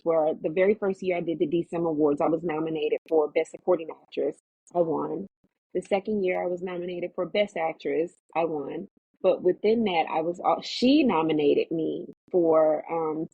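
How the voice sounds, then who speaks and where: A woman, an actress guest, telling her story in a casual interview, animated and acting out what others said. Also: breathy edge, dry recording. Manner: animated storyteller, acts out quotes in a higher voice. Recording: tinny phone-like remote line.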